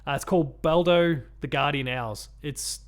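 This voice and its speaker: A man's voice: a little high, moderate pace. Rambling man co-hosting a podcast. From Australia. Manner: rambling, lots of ums and restarts, laughs often. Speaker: podcast co-host. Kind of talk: casual chat.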